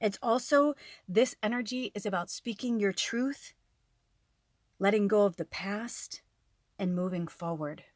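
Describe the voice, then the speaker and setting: A woman's voice: mid-range voice, a little slow, dry recording, studio quality. A woman tarot reader talking casually to her viewers, rambling and chatty with lots of fillers. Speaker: tarot reader and spiritual medium. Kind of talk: casual spiritual talk to viewers.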